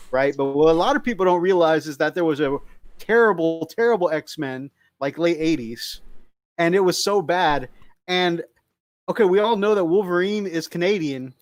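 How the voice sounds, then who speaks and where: Man, high voice, dry close sound, rambling chatty host. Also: dry recording. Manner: rambling, chatty storytelling with restarts. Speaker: show host. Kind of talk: casual live-stream chat.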